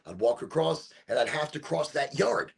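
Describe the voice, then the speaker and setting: A middle-aged man from Chicago telling a rambling story on a live stream, animated and swearing, with sudden shouts when he acts out voices. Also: on the high side, moderate pace. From Chicago, USA. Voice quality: gravelly and husky. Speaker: streamer hosting a smoke session.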